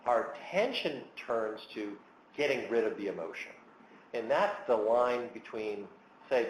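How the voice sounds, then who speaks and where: A man giving an educational lecture as a psychologist, talking in an animated way and acting out angry remarks to make his points. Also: medium pitch, reverberant, a little hiss or hum, poor audio. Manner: animated, acts out angry quotes.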